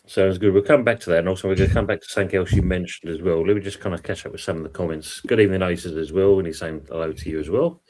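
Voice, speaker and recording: A man's voice: deep voice, very fast, few pauses, background noise. A man hosting a casual football stream, chatting and reading out viewer comments. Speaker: podcast host reading live chat.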